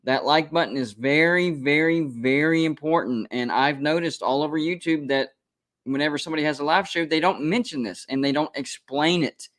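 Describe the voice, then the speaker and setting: A man's voice: a little high, normal speed, a bit bright. A man hosting a live college football stream, talking casually, emphatic and repetitive as he defends his predictions. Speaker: college football show host. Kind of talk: live-stream sports commentary.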